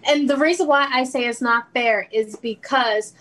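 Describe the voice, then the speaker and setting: A woman's voice: on the high side, normal speed, a bit bright, rough recording. A woman co-hosting a casual sports podcast, ranting heatedly about an award and laughing between points. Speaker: podcast co-host.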